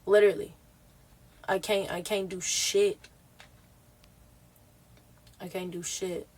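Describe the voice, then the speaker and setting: A woman livestreaming in casual chat, sounding exhausted and talking bluntly with lots of swearing and halting restarts. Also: medium pitch, level tone, darkish tone.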